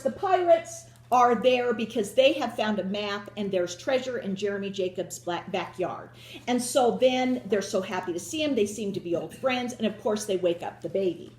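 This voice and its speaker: A woman's voice: on the high side, a little mellow, roomy sound. A woman hosting a casual home chat, rambling with many restarts and drifting back with "so anyway". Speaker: host.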